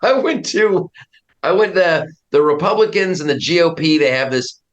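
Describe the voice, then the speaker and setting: A man's voice: a little high, expressive, normal speed, lo-fi sound. A middle-aged American man, a comedian guest, talking in a casual podcast chat, emphatic and opinionated, often restarting his sentences. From United States.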